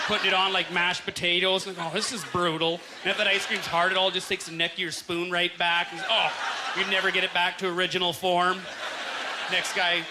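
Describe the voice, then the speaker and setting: A Canadian man in his thirties performing a stand-up set, telling stories with quick acted-out quotes on a club stage. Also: high voice, noisy background. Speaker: stand-up comedian. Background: faint audience laughter.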